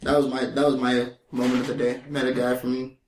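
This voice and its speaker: Male podcast co-host, animated storyteller who swears freely, recorded in an echoey room. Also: medium pitch, a little fast, a little hiss or hum. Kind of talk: casual chat.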